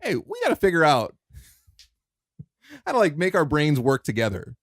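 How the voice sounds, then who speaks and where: A man's voice: fairly high pitch, huge pitch swings, normal speed, slightly rough, dry recording, clean studio sound. A man co-hosting a podcast, talking in a rambling, jokey, self-deprecating way. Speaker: podcast co-host. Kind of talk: casual chat.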